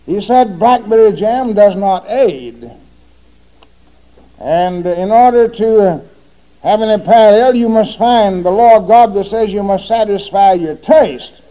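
A man's voice: high voice, measured pace, mellow, dull audio. A man giving a formal religious debate speech, pressing his opponent with repeated rhetorical questions.

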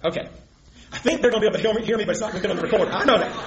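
An impassioned man preaching in an emphatic, argumentative way, his voice high and quick with lively swings of pitch. The recording carries the echo of a large room with a faint hiss underneath. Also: dull audio, a crowd in the background. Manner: emphatic, argumentative, quotes scripture. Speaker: preacher in a debate. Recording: echoey room with faint noise.

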